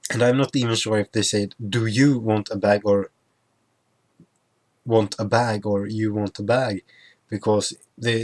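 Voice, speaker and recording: Slow, halting young man recapping a trip. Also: on the low side. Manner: halting, full of restarts and self-corrections. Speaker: vlogger. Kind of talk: casual travel recap over photos.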